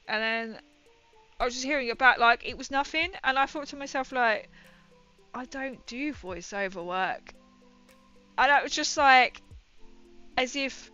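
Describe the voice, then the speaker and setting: A woman's voice: on the high side, bright, forceful tone, clean tone. A young woman chatting casually on her livestream, giggling often and dropping her consonants. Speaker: streamer. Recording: muffled stream audio with faint music.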